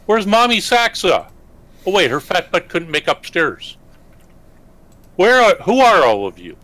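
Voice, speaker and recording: A man's voice: sits high, sing-song, a little slow, fairly bright tone, no echo, voice pushed up, full character voice. A man doing a childish young dragon voice. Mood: confused.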